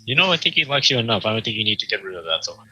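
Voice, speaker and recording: A man playing a tabletop game, speaking in a quick, matter-of-fact way. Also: fairly low pitch, sing-song, pushed and bright, slightly rough, poor audio. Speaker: player. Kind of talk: tabletop role-play, casual.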